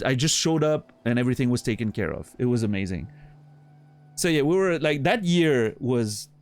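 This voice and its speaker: A man's voice: medium pitch, a little mellow. Give me a man streamer from Switzerland chatting casually, full of fillers and restarts, with faint music behind him. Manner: rambling, many restarts and fillers, laughs easily. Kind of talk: casual chat with viewers.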